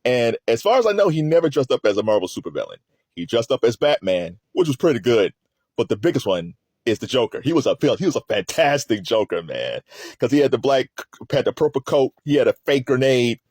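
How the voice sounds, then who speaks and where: A man gives loose, rambling commentary on a trial. His pitch jumps around a lot and he laughs often between thoughts. The sound is close and dry, with no room around it. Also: big pitch swings, fairly quick, darkish tone, husky, dry recording. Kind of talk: casual commentary.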